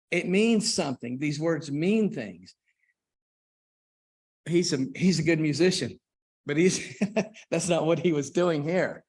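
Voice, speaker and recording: A man preaching to a church congregation in an unhurried, conversational way, with restarts and asides to the listeners. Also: a little high, animated, slightly rough. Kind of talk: church class talk on hymns. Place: church auditorium.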